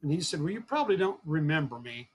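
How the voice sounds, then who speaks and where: Earnest storytelling man, slightly high voice. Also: very animated, quick pace, slight background noise. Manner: earnest, repeats words, acts out quoted dialogue. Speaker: guest, fishing program founder. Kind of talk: storytelling interview talk.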